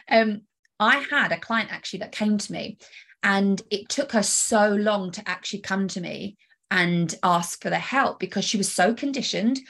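A woman's voice: mid-range voice, vocal fry, slightly rough. A woman hosting a solo coaching podcast, talking energetically and emphatically straight to the listener. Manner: energetic, emphatic, direct address with rhetorical questions.

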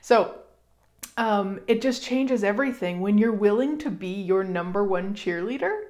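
A middle-aged woman hosting a casual self-help talk, chatty and animated, with fillers and emphatic asides. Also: mid-range voice, moderate pace. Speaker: podcast host.

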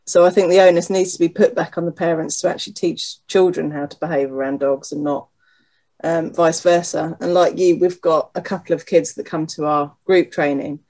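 Lively dog trainer. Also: medium pitch. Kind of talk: casual panel discussion.

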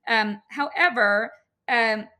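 A fairly high, bright, forceful voice belongs to a woman in her thirties who runs a business and makes courses. She takes it slowly in this casual podcast chat, speaking emphatically and peppering her talk with "like" and other fillers.

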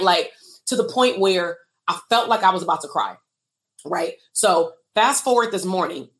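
A woman's voice: on the low side, fairly bright tone. A woman, a therapist and business coach, talking candidly and emotionally to viewers on a livestream and asking them to comment. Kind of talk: casual livestream talk to viewers.

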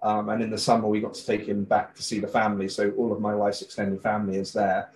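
Relaxed West Country man. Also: on the low side, fast talker, rough recording. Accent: West Country English. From West Country, England. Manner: relaxed, friendly, uses fillers. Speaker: guest, hot sauce maker. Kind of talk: casual chat.

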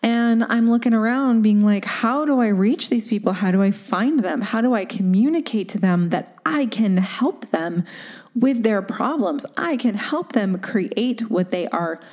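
A woman's voice: mid-range voice, animated, measured pace, a little mellow. A woman coach talking on her own in a casual, candid way, full of "like" and "right?". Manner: casual, candid, full of fillers and tag questions. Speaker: podcast host and coach. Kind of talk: solo motivational talk.

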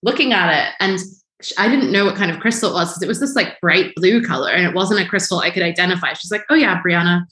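A woman's voice: fairly low pitch, fast talker. Earnest woman guest in an echoey room. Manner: earnest, animated, with frequent restarts. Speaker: interview guest. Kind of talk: casual conversational storytelling.

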